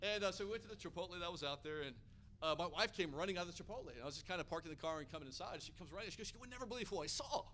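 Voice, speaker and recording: A man from Hawaii preaching a sermon, an energetic, animated storyteller. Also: on the high side, very fast, a little hiss or hum. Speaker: pastor.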